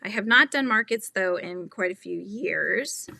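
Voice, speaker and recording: A woman hosting a casual crochet livestream, giggly, animated and chatty as she talks to viewers. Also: mid-range voice, a little slow, creaky, no room sound. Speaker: livestream host.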